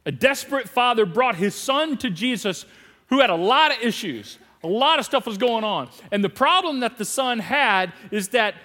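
A man preaching a sermon as pastor, animated, acting out bits of dialogue with laughs. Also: extremely high pitch, moderate pace, big-room sound. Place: large church hall.

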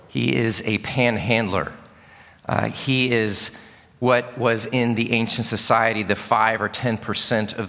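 A male preacher delivering a sermon, telling the story with energy and moving between hushed, slow lines and loud, raised ones. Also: on the low side. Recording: long reverb of a large hall.

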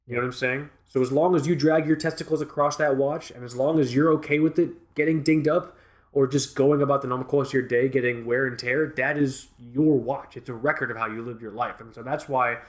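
A man's voice: mid-range voice, fairly even intonation, brisk. A man co-hosting a watch podcast in casual chat, rambling and joking with lots of fillers and restarts. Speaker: podcast co-host.

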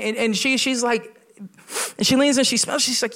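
High-voiced young pastor telling stories. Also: male voice, fast. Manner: lively storytelling with quoted voices. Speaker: guest pastor. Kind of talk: humorous sermon. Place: church.

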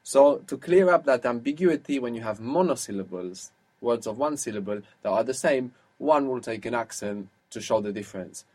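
A man's voice: mid-range voice, animated, moderate pace, hardly any pauses, a little mellow, breathy edge. A man teaching a language lesson, patiently asking questions and explaining rules step by step.

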